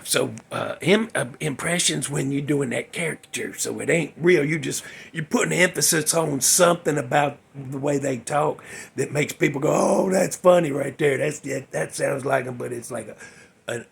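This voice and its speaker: A man's voice: medium pitch, measured pace, vocal fry, breathy edge. A man hosting a casual music talk show, rambling, mocking himself and losing his place. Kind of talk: casual chat.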